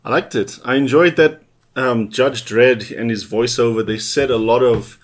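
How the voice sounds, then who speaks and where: A man's voice: mid-range voice, normal speed. A man co-hosting a casual film review chat, mostly giving short, laid-back replies. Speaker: podcast co-host.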